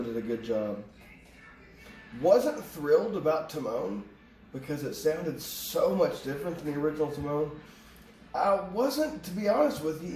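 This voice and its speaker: This tarot reader's voice is a little high and a little mellow; he rambles through a casual reading, drifting into tangents and cursing freely. Picked up by a distant mic in an echoey room, the audio carries faint ambience and slight background noise.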